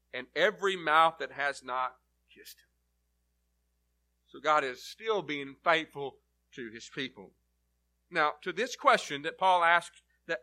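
Bright, high-voiced male preacher. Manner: earnest, emphatic on key words. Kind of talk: sermon, Bible teaching.

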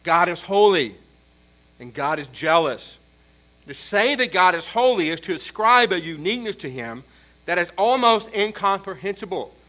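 A man preaching an expository sermon as pastor, emphatic, building force on repeated points and then dropping low. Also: very animated, moderate pace, bright, forceful tone, poor audio.

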